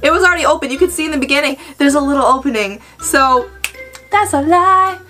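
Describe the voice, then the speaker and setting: Woman, vlogger, high voice, bubbly, exclamatory, reaction commentary, soft music behind. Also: racing. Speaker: arcade vlogger.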